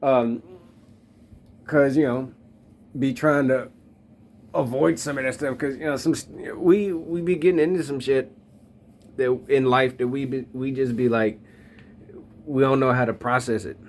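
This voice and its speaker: Guy in his 30s rambling about faith, slangy and loose, lots of ums, talks right at you. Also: medium pitch. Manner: addresses listeners directly. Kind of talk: casual spoken reflection on faith.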